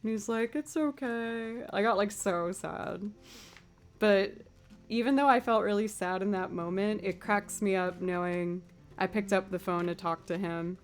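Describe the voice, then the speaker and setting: A woman's voice: mid-range voice, fairly even intonation, moderate pace. A woman from Massachusetts hosting a live music stream, chatting casually between songs and telling a story with a laugh. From United States, Massachusetts.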